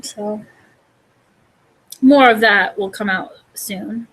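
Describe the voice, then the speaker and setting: A woman's voice: mid-range voice, slow pace, fairly bright tone, breathy edge, rough recording. A woman vlogger and host in casual chat, chatty and rambling with many fillers.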